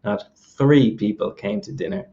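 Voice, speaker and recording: A man's voice: fairly low pitch, normal speed, warm tone, dull audio. An Irish man with a mild accent, patiently explaining with examples and often checking "okay?" as he goes. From Ireland. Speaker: host. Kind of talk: explanatory lesson.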